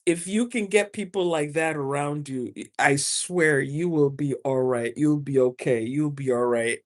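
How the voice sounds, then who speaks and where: A woman hosts a casual motivational talk on spiritual advice, laughing often and repeating phrases to drive points home. Her voice is low-pitched and unhurried.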